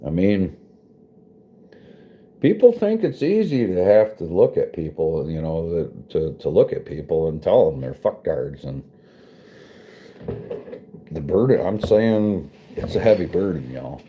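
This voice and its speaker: Low-voiced guy streaming, swears a lot, jokes around, slow and really mellow tone. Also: sing-song, slight background noise. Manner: profane, joking, laughs often. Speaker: streamer chatting with viewers. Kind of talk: casual chat.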